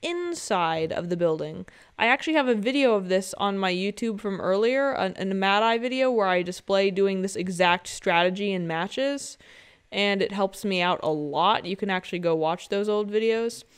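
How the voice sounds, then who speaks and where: Young woman, smooth clear voice, chatty game guide, playful joking asides. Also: mid-range voice, moderate pace. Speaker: gaming guide creator. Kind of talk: casual game tutorial commentary. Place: home.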